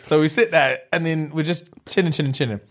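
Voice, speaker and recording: A man's voice: on the high side, fast talker. A young man telling a story in casual chat, acting out the voices of the people in it and using slang. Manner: animated, acts out voices in his stories, London slang.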